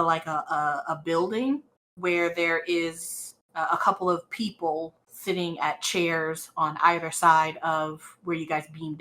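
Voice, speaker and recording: A woman narrates a tabletop game as its game master, taking her time and circling back with fillers and restarts. Her voice is bright and a little low-pitched, and she speaks slowly. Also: low-quality recording. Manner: unhurried, hesitant, many fillers and restarts.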